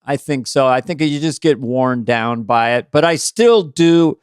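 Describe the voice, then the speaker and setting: A man co-hosting a casual chat, telling stories with halting restarts. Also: medium pitch, smooth, no room sound, studio quality. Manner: halting restarts, animated storytelling. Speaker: podcast co-host.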